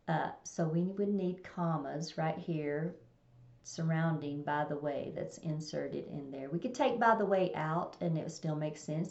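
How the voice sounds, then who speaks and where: Low gravelly woman teaching grammar. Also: unhurried, a little mellow. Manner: plain explanatory, reads example sentences aloud. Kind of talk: recorded test-prep lesson. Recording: echoey room, dull lo-fi sound.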